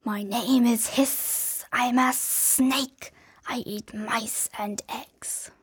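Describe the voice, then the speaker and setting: A man voicing a snake in a slow, drawn-out, whispery voice for a language lesson. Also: extremely high pitch, steady tone, fairly bright tone, slightly rough, voice pushed up, full character voice. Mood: sly.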